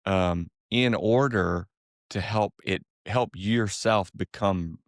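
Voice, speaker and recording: A man with a very low voice gives calm, measured advice on a podcast. He is recorded on a close, dry mic with no room sound. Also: no room sound. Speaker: podcast co-host. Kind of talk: casual podcast conversation.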